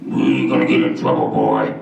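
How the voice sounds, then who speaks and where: A man putting on a gruff, menacing voice far below his own. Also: very deep voice, little pitch movement, moderate pace, a little mellow, pitched below the performer's own voice, full character voice. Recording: distant, roomy, muffled hall recording.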